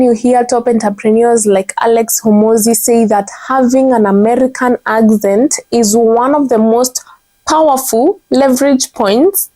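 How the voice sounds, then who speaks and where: Young Kenyan woman, earnest vlogger with a warm, soft tone, often restarts her phrases. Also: fairly high pitch. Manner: earnest, self-correcting restarts, frequent "like". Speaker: content strategist. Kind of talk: motivational vlog talk.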